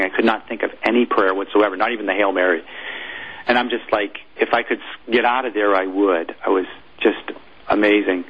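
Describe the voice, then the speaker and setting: A former military chaplain, a man, telling a personal story in an interview, halting and repeating words as he goes. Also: on the low side, slightly rough, dull audio.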